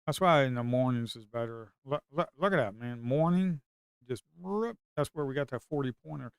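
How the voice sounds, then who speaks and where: An excitable man talks casually through trades on his screen, rambling and full of slang. His voice sits at a middle pitch and comes through smooth and clean. The sound is close and dry, with no room around it. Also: normal speed, no echo. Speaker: futures trader and video host. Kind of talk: casual screen-share trading commentary.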